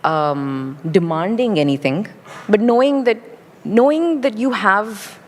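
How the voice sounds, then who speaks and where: Young actress speaking in a reverberant hall. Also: female voice, medium pitch, slow pace. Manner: articulate, thoughtful, lively with light laughs. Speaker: actress guest. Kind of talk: conversational interview on stage. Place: large indoor conference stage.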